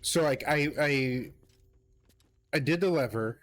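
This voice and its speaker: A man streaming a co-op game, talking casually in a relaxed, matter-of-fact way. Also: on the high side, takes it slowly, faint music behind. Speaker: streamer playing co-op. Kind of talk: casual gaming chat.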